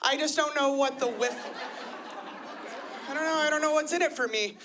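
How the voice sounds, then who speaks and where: In a high-pitched voice at normal speed, a woman in her thirties performs self-deprecating, chatty comedy live at a club, full of lively quoted voices. Background noise and crowd laughter come through in the recording.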